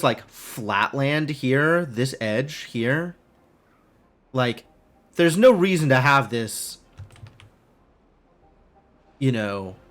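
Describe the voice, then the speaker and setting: A man's voice: medium pitch, fairly bright tone. A man streaming a game live, thinking aloud in casual, rambling commentary full of "like" and puzzled questions to himself.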